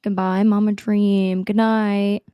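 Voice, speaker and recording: A woman's voice: mid-range voice, little pitch movement, slow, clear, resonant tone, no echo, muffled recording. A young woman guest on a video call, chatting casually with laughs and acting out the people in her stories. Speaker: guest streamer. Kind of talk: casual interview chat.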